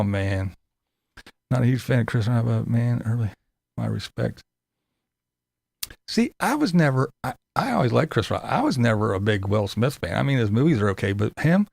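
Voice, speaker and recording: A man with a gravelly, creaky voice, recorded dry and close. He hosts a loose commentary show, incredulous and profane, and laughs between his remarks. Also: mid-range voice, a little mellow, no echo. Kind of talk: casual commentary to a live chat.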